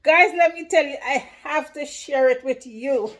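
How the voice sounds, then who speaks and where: A woman telling a personal story to her viewers in a casual vlog, lively and emotional, often saying "let me tell you". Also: high voice, unhurried. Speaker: vlogger.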